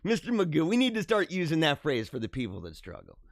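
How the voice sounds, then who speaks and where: A man's voice: on the high side, fast, no room sound, clean studio sound. A man hosting a live show, chatting loosely, reading out viewer comments and laughing often, with lots of "dude" and "man". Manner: animated, laughing, slangy ("dude", "bro", "man"). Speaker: livestream show host.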